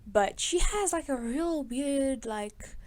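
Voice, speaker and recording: A young woman hosting a film review in casual, sarcastic commentary, chatty and quick to laugh. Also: sits high, lively intonation, darkish tone. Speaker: video host reviewing a film.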